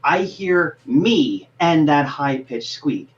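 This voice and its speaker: A man's voice: a little high, animated, takes it slowly, lo-fi sound. A man who is a voice actor and game master, explaining his craft earnestly in a podcast interview.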